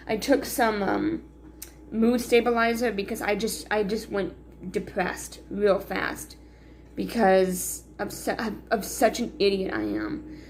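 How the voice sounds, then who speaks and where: A woman with a slightly high voice records a confessional vlog, rambling and hard on herself, stumbling over her words. A faint noise hums behind her. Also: a little slow. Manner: rambling and self-critical, with restarts and sighs. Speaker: vlogger.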